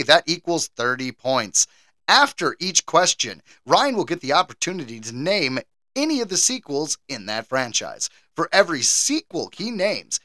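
Male podcast co-host, bright and lively, quick to laugh, dry close recording. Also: fairly high pitch, dry recording. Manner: animated, laughs often, jokey. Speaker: game show quizmaster. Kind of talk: casual podcast chat.

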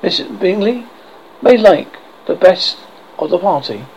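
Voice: medium pitch, animated, slow pace, darkish tone, a little hiss or hum, low-quality recording. Reader doing a dry, teasing husband. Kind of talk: audiobook character reading.

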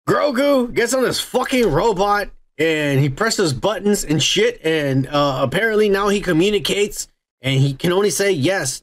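A man's voice: high-pitched, lively intonation, moderate pace. A man hosting a podcast in casual chat, ranting and cursing freely. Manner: profane, ranting. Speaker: podcast host.

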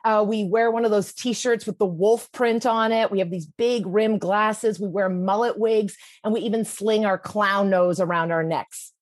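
A woman's voice: medium pitch, steady tone, a little slow, few pauses, dry recording, studio quality. A woman telling a personal story in a vivid, comic, present-tense way. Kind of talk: personal story told to an audience.

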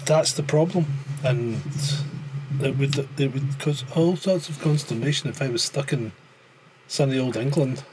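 A man's voice: medium pitch, normal speed, noisy background. A Scottish man in casual podcast chat, blunt and sweary, with a joking edge. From Scotland. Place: living in France.

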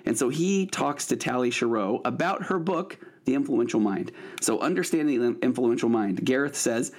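A therapist in his late forties hosts his podcast alone and tells a personal story in a loose, animated way. He restarts phrases often and fills the gaps with "uh" and "um". His voice sits at an ordinary middle pitch for a man. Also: normal speed. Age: 40s. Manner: animated, rambling with frequent restarts and fillers. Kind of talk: casual storytelling monologue.

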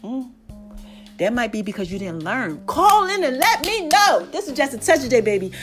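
A woman hosting her own podcast in casual solo talk, chatty and warm with listeners, calling them child and baby, and swinging between loud and soft phrases. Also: high voice, sing-song, normal speed, soft background music. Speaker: podcast host.

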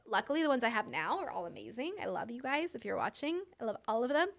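A woman chatting casually as a show host, telling an animated story full of "like" fillers. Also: a little high, quick pace. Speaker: small business owner. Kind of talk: casual chat.

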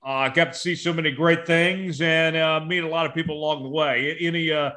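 A man hosting a podcast, asking questions in a casual, halting way with many fillers. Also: fairly high pitch, steady tone, pushed and bright. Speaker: podcast host.

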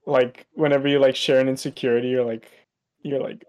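A man's voice: mid-range voice, level tone, fast talker, darkish tone. A young man co-hosting a podcast, trading teasing banter in casual chat and laughing often. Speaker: podcast co-host.

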